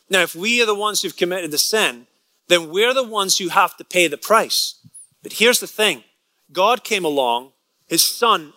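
A man with a high, bright, ringing voice preaches a sermon built around a personal story. He tends to repeat words as he builds toward a point and slips into quick character voices for what others said. The sound is close and dry, with no room around it. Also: dry recording. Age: adult, past college age. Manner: storytelling, repeats words when excited, acts out quotes.

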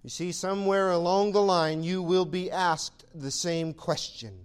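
A man's voice: high voice, steady tone, a little slow, clear, resonant tone. A male pastor preaching a sermon, exhorting with emphatic rhetorical questions.

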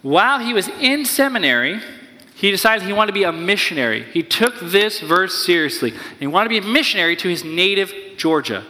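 A man preaching a sermon as pastor, energetic and playful, sometimes acting out excited voices. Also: high-pitched, brisk, in a large hall.

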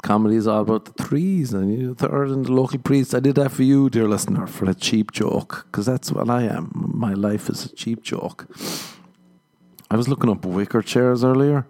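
A man's voice: mid-range voice, moderate pace, dark tone. An Irish man hosting a podcast, telling a comedic monologue in a sardonic, self-mocking way and laughing often. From Ireland. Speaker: podcast host.

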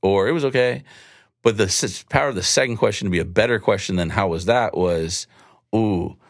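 A man's voice: sits low, a little fast, dry recording, clean studio sound. A man telling a story and teaching, acting out both sides of a conversation. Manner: animated, acts out dialogue in quotes. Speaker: guest speaker on evangelism.

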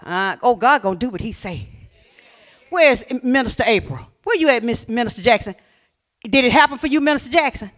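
A woman preacher delivering an exuberant Pentecostal-style sermon, calling out to the congregation, swinging between shouts and hushed scripture reading. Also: on the high side, animated, brisk. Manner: calls out and has the congregation repeat lines.

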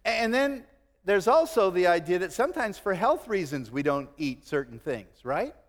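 A middle-aged man preaching a sermon, animated, acting out quotes and chuckling now and then. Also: high-pitched, normal speed, big-room sound. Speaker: pastor.

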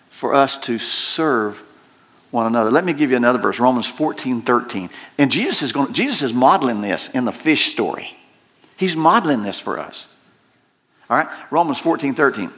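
A male pastor preaches in a folksy, storytelling manner. His voice sits at a middle pitch and climbs high when he gets excited, with laughter breaking into his sentences. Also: moderate pace. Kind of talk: sermon.

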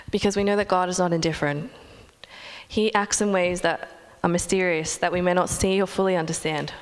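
A young woman preaches a sermon in an earnest, measured tone, pausing to let her points settle. Her voice sits fairly low for a woman and carries a long reverb, as if she were speaking in a large hall.

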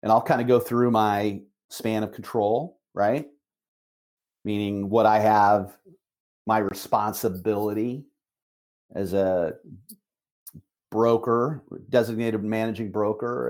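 A middle-aged man, a managing broker, giving an emphatic motivational talk on a call, repeating key phrases with slow, deliberate stress. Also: on the low side, fairly even intonation, a little mellow.

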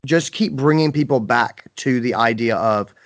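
A man's voice: medium pitch, normal speed, no room sound. A man hosting a podcast in casual chat, acting out scenes with playful exaggeration. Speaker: podcast host.

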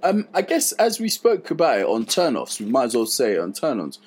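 A British man co-hosting a podcast, chatting in a relaxed way and now and then putting on mock voices. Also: medium pitch, a little fast, breathy edge. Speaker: podcast co-host. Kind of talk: casual chat.

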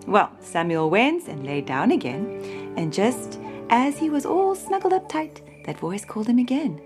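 A woman telling a Bible story to a child in a gentle, expressive manner. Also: fairly high pitch, normal speed, faint music behind.

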